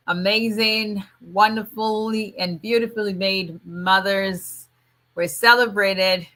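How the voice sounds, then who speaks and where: A middle-aged woman hosts a casual livestream, greeting viewers warmly by name and chatting with frequent restarts and fillers. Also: mid-range voice. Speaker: immigration attorney hosting a livestream.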